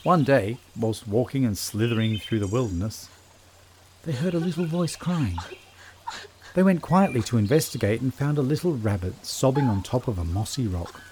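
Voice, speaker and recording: A man narrating a children's story in a gentle, measured storytelling voice. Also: mid-range voice, expressive, slight background noise.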